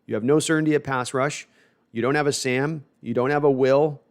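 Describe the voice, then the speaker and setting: Gravelly-voiced man rambling about football. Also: medium pitch, fairly even intonation, fairly quick. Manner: rambling, self-deprecating, with frequent restarts. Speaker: host reading viewer comments. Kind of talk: casual live-stream sports talk.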